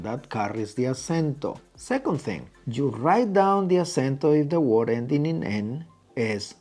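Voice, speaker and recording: A man's voice: mid-range voice, dark tone. A man teaching a lesson, patiently repeating key points and stretching out syllables. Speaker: Spanish teacher. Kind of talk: explaining at a whiteboard.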